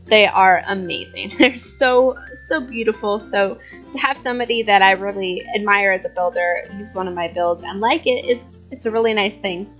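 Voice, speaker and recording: A woman's voice: medium pitch, a bit bright, highs cut off. A young woman in her twenties chatting casually over gameplay, rambling and giggling, a bit out of breath. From California. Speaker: YouTube host.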